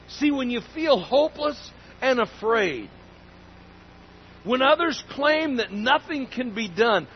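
A man's voice: high voice, dull audio, a little hiss or hum. A man preaching a sermon in an emphatic, folksy way, repeating key phrases for weight. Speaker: pastor.

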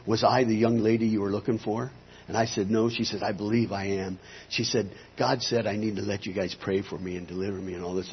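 Earnest male pastor, husky voice, muffled lo-fi audio. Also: fairly low pitch. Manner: earnest storyteller who acts out quoted voices. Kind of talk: telling a personal testimony. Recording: slightly dull lo-fi sound.

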